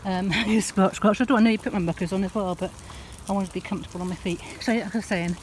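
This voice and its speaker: Walking a wet park track, a woman with a Northern English accent records a chatty, casual vlog and slips into high sing-song baby talk with her cats. She speaks fast in a steady tone, with slight background noise.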